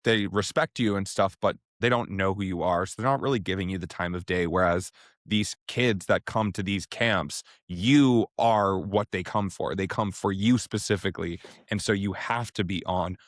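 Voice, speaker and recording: A man's voice: sits low, moderate pace, no echo, clean studio sound. A man co-hosting a podcast in casual chat, easygoing and asking his partner follow-up questions. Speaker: podcast co-host.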